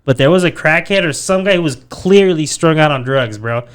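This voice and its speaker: Brief: young male podcaster, higher register, clean tone, profane and animated storyteller. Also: a little fast, clear, resonant tone. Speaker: podcast co-host telling a story. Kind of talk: casual podcast chat.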